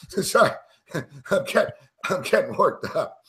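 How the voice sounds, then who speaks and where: A man's voice: fairly high pitch, very animated, takes it slowly, long pauses, fairly bright tone. A man co-hosting a sports betting show, talking casually and ranting with lots of swearing. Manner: profane, ranting, worked up. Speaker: co-host and sports handicapper.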